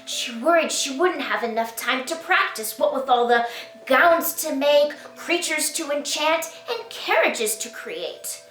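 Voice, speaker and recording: Woman storyteller for a children's read-aloud, playful and unhurried, roomy sound with faint music under her. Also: high voice, animated, fairly bright tone, recorded from a distance. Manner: slow, sing-song and playful, invites kids to join in. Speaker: children's author reading her picture book.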